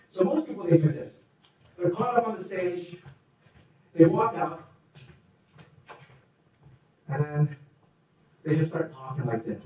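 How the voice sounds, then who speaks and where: A man's voice: fairly high pitch, a little mellow, far from the mic. A man giving a live workshop talk, answering audience questions with coaching tips and acted demonstrations of how people sound. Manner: coaching, demonstrates voices and moods. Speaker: workshop speaker. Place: meeting room. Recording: echoey room, speaker off mic.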